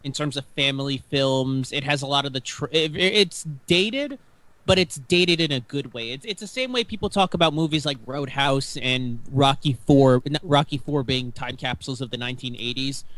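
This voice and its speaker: Higher-voiced man explaining film terms. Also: normal speed, a bit bright, no echo. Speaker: podcast co-host. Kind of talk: casual movie discussion.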